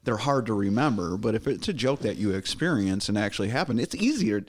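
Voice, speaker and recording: A man speaking as a guest comedian in a casual studio chat, halting and repeating words, agreeable. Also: fairly low pitch, expressive.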